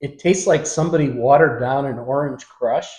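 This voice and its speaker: A man's voice: medium pitch, moderate pace, a little mellow. A man co-hosting a casual chat, delivering dry, matter-of-fact quips. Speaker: co-host. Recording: echoey room.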